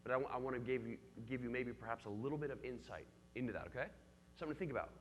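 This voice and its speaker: A man's voice: mid-range voice, rapid-fire, big-room sound, a little hiss or hum. A man leading a church youth group, teaching in an engaging way and calling on the young people by name with questions.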